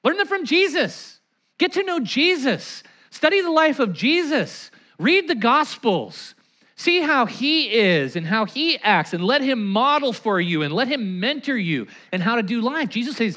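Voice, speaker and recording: Lively, bright-voiced male pastor. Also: very high-pitched, unhurried. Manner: animated, acts out anecdotes and quotes; leads the congregation in call-and-response. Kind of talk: sermon.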